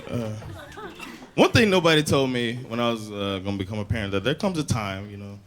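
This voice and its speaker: A man doing loose, animated stand-up comedy on a club stage into a handheld mic. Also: fairly low pitch, brisk. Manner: loose, animated, acts out scenes. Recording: live club, audience laughter.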